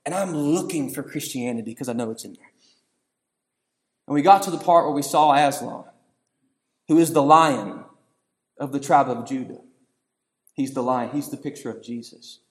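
A man, preaching a storytelling sermon that swings between hushed passages and shouting. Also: medium pitch, normal speed, pauses often.

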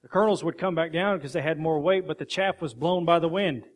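A man's voice: on the high side, brisk. A man preaching a sermon with emphatic rhetorical questions.

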